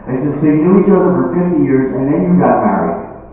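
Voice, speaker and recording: A man doing stand-up at a senior living community, snapping through one-liners and quick character voices. His voice rings through a big reverberant room, picked up from a distance. The sound is narrow and tinny, like a phone line. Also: mid-range voice, sing-song. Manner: punchy joke delivery with quick voiced characters. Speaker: comedian. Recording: echoey hall, distant mic, phone-like sound.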